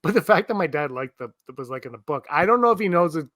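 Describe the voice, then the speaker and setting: A man co-hosting a podcast, chatting casually and telling rambling, animated stories full of restarts. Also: on the high side, fast, no echo. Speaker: podcast co-host. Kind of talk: casual chat. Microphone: streamed remote podcast setup.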